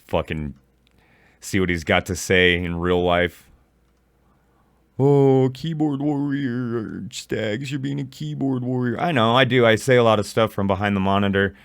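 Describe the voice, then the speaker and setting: Profane ranting man with a low voice. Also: fairly bright tone, smooth, no echo, studio quality. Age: adult. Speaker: commentary YouTuber. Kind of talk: reaction commentary.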